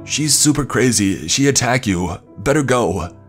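A man's voice: on the low side, lively intonation, normal speed, soft background music, lightly acted. A man voicing a panicked, wounded foreign man who pleads in broken English, in a spoken horror story.

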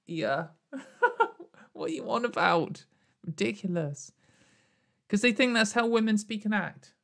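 A woman's voice: medium pitch, animated, unhurried, creaky, pauses often, fairly bright tone. A young woman YouTuber talking sarcastically to camera in a casual commentary, rambling with many fillers and frequent laughs. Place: at home in front of a camera.

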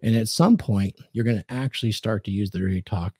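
A man's voice: fairly low pitch, a little fast, warm tone, slightly rough, dry recording, studio quality. A man hosting a podcast, giving dating advice in casual chat and acting out quoted lines in a commanding tone.

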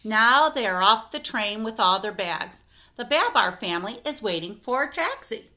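Bright, lively woman reading aloud. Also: a little high, normal speed. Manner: expressive, asides to listeners. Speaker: storytime reader. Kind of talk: children's read-aloud.

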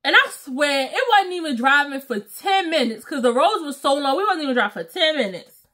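A young woman tells a story to her viewers, and her voice sits high and swoops up and down. She acts out each quote with loud exclamations and slang. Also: lively intonation, a little fast. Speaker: storytime vlogger. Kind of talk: casual storytelling.

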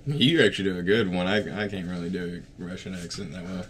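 A man's voice: sits low, fairly even intonation, fast talker, fairly bright tone, a little hiss or hum. A man with a sore, worn voice, chatting casually while commentating a video game. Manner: laughs easily, swears casually. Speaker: let's play commentator.

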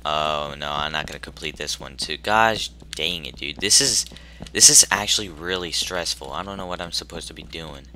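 A man commenting nervously on a horror game he plays, jumpy and talking to himself, with sudden loud outbursts. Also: rumbling low, moderate pace, a little hiss or hum. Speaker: gaming YouTuber.

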